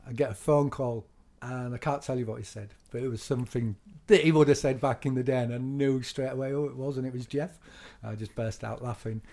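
A middle-aged man tells club stories in a relaxed, animated way. His voice sits at a mid pitch. He laughs often and swears freely as he goes. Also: fairly quick. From England. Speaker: DJ guest. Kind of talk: casual storytelling interview.

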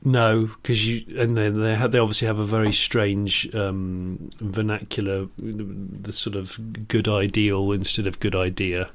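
A man's voice: lowish voice, little pitch movement, a little slow, creaky, few pauses. A man co-hosting a podcast, telling casual, rambling anecdotes with frequent restarts and chuckles. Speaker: podcast co-host. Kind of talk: casual chat.

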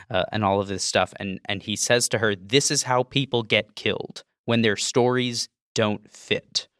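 A man with a bright, crisp voice and a low pitch asks a group about a film over a video call. He talks hesitantly and uses many fillers, and his voice is recorded dry. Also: dry recording. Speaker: podcast panelist.

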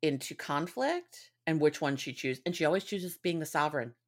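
Low-voiced expressive woman co-host. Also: normal speed. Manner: storytelling, expressive, swears casually. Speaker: podcast co-host. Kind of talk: casual recap chat.

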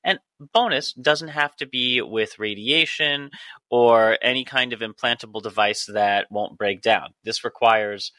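Deadpan podcast guy, calm and dry-humored, bright tense voice, no room sound. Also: mid-range voice, a little slow, no room sound. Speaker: podcast host. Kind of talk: casual chat.

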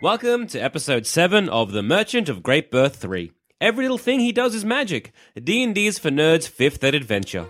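A man trades jokes at a tabletop game. His voice climbs and dips freely, a little above the usual pitch, with soft music underneath. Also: moderate pace. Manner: jokey, lively. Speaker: player. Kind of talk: casual tabletop game chat.

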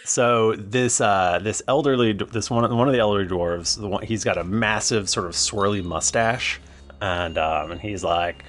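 A man's voice: lowish voice, moderate pace. A man narrating as game master of a tabletop game, describing scenes and calling on players. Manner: animated, descriptive storytelling.

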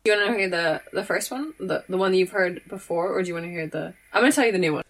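A woman's voice: on the low side, fast talker, a bit bright. A young woman in her twenties, a podcast guest telling an anecdote in casual chat, rambling and self-deprecating with giggles. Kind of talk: casual storytelling.

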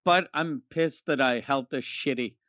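Male podcast co-host, deadpan and crude, slightly muffled lo-fi sound. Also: medium pitch, measured pace, no room sound. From Canada. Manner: dry, crude, deadpan jokes. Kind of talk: casual comedic podcast chat.

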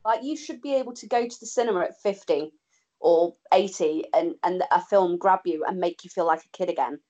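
A woman with a somewhat low voice and a reflective, musing way of talking. She sounds thoughtful. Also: brisk, mellow. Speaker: podcast co-host. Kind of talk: casual chat.

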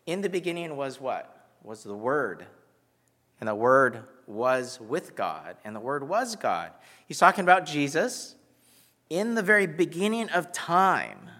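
A man's voice: on the high side, pushed and bright. A man giving a conversational sermon with self-deprecating humor, from the United States. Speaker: pastor. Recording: reverberant hall.

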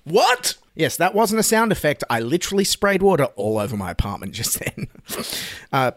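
A man's voice: mid-range voice, big pitch swings, fast, no room sound, clean studio sound. An Australian man hosting a satirical news show, delivering sarcastic, mock-outraged commentary.

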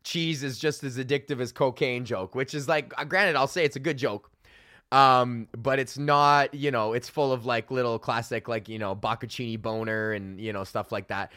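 A man's voice: mid-range voice, steady tone, normal speed, pushed and bright, no echo, clean studio sound. A man hosting a comedy podcast, telling a rambling, profane story with frequent laughter. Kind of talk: casual storytelling rant.

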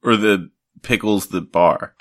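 A man's voice: fairly low pitch, slow, a bit bright, no room sound. A man co-hosting a podcast in casual chat, laughing often and riffing on ads. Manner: laughs a lot, acts out ads in a mock announcer voice. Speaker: podcast co-host.

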